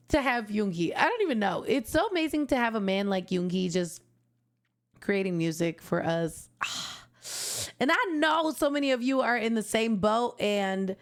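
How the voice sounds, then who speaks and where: A woman's voice: mid-range voice, expressive, measured pace. A young woman streamer reacting to an album, talking in a heartfelt, gushing way that turns tearful at times. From Canada. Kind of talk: emotional casual reaction commentary.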